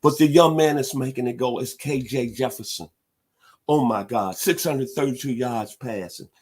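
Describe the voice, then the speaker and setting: A middle-aged man hosting a sports talk show, hyping teams in an animated, preacher-like way. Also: mid-range voice, normal speed, breathy edge. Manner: animated, preacher-like hype with loud hog calls.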